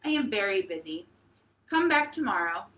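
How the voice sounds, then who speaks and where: A woman's voice: medium pitch, very animated, fairly bright tone, far from the mic, low-quality recording. A woman reading aloud and voicing a boastful, dismissive male dragon in a storybook. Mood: brusque. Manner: brisk, dismissive.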